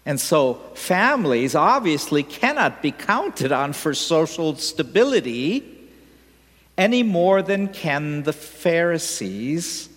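A man reads scripture and preaches in a large church, his slightly raised voice moving expressively up and down. The reverb hangs long behind every phrase. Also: on the high side. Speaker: preacher reading the gospel at a church service. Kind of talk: liturgical reading and homily.

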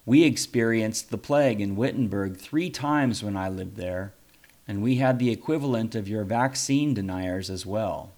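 A man voicing a dignified male reformer in a story reading, with a slightly British tone, calm and consoling. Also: fairly low pitch.

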